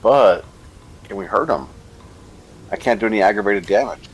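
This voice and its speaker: A man with a low, husky voice plays a tabletop game. He reasons aloud about the rules as he talks. His delivery is plain and practical. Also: lively intonation, normal speed, poor audio. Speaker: player. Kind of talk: casual game chat.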